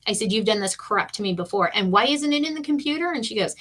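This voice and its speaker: A woman's voice: medium pitch, fast, hardly any pauses. A middle-aged woman, chatting casually and acting out quotes while crafting on a live stream. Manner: animated storyteller, acts out quotes.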